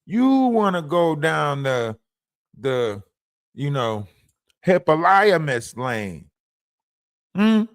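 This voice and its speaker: A man's voice: a little high, very animated, takes it slowly, long pauses, no room sound, studio quality. A man hosting a livestream, ranting in a taunting, profane way and repeatedly asking "huh?" at his target. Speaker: livestream host. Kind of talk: profane live-stream rant.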